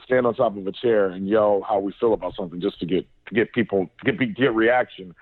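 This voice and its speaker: A man co-hosting a casual sports podcast, telling animated stories with cursing and many restarts. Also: fairly low pitch, a little fast, no room sound. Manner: animated storyteller, swears, frequent restarts. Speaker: podcast co-host. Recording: dry, tinny phone-like line.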